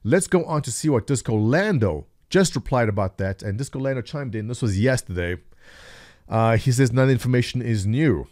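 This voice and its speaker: A man's voice: mid-range voice, animated, normal speed, darkish tone, no room sound, clean studio sound. A man hosting a casual gaming news video, giving commentary with wry, sarcastic asides.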